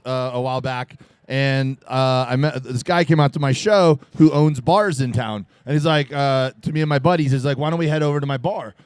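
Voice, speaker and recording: A man's voice: on the high side, clean tone, no room sound. A man from Florida, a guest comedian telling rambling stories with fillers and laughs on a live podcast. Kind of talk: casual storytelling chat. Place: live podcast taping at a venue.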